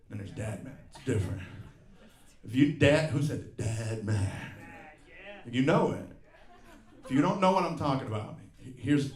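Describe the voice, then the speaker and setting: A man in his fifties doing a profane stand-up set, ranting in exasperation and mocking people with put-on voices. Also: medium pitch. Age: 50s. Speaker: stand-up comedian. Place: live comedy venue with audience. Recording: roomy live venue with crowd laughter.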